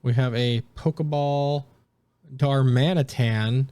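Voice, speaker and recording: A young man giving casual, excited commentary while opening trading card packs as a streamer. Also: unhurried, no echo. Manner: excited, jumps high in pitch at big pulls.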